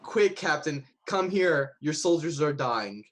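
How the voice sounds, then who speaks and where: A man's voice: fairly high pitch, lively intonation, a little slow. A man voicing a sly male halfling who poses as a goblin and calls out urgent false warnings in a tabletop game. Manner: urgent, scheming.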